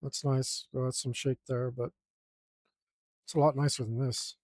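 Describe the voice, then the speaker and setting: A man's voice: mid-range voice, little pitch movement, moderate pace, darkish tone, no echo, studio quality. A young man inking a drawing, casually muttering and criticizing his own lines as he works. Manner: self-critical, mutters to himself while drawing. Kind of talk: casual work-along commentary.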